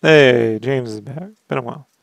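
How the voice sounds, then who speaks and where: A man co-hosting a casual chat, laughing often and breaking into loud sung lyrics. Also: mid-range voice, moderate pace, gravelly, no room sound. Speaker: podcast co-host. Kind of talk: casual chat while drawing.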